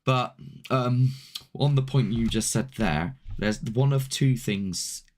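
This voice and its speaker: A man's voice: mid-range voice, takes it slowly, a little mellow. A man, a paranormal investigator hosting a casual chat, rambling and laid-back with mild swearing. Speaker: paranormal investigator and show host.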